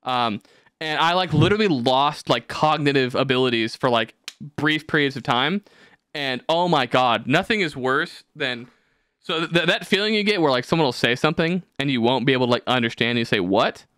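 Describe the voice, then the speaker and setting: Lively young man with a smooth, clear voice. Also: mid-range voice, normal speed, no echo, clean studio sound. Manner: animated, swearing storyteller. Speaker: podcast host. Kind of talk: casual chat.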